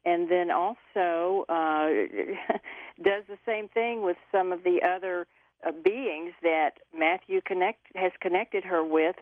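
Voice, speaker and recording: A woman guest on a radio show, answering hesitantly with many pauses and fillers. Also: on the low side, no room sound. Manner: hesitant, lots of uh's. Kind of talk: interview answer. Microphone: telephone. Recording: tinny dry phone line.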